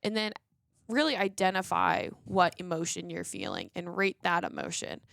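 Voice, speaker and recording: A woman with a gravelly, fry-laden voice chats casually as a podcast co-host, passing on tips for listeners. Her voice is recorded dry and close. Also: lowish voice, big pitch swings, normal speed, a bit bright, no echo. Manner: friendly, adds tips for listeners, mother of young kids.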